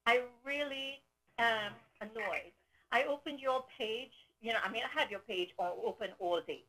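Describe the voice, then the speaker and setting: A woman's voice: a little high, normal speed, bright, forceful tone, rough recording. A woman in her sixties calling into a show, earnest and rambling as she talks. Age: 60s. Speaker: caller. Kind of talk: phone-in call.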